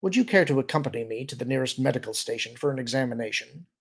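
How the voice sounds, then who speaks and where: A man's voice: mid-range voice, lively intonation, gravelly, husky. A man voicing a composed senior male admiral who speaks coolly and with authority. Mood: firm. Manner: cool, measured.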